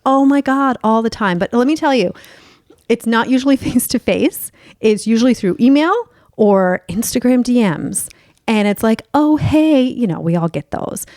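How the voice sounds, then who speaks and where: A woman's voice: on the high side, moderate pace, darkish tone, no echo, clean studio sound. Bubbly, profane woman hosting. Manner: bubbly, playful and openly profane. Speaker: podcast host and sex coach. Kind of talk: candid podcast chat.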